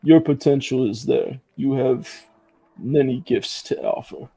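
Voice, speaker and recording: A man voicing a big, gentle, kindly man who speaks softly and encouragingly, with a gravelly voice. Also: mid-range voice, steady tone, unhurried. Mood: tender.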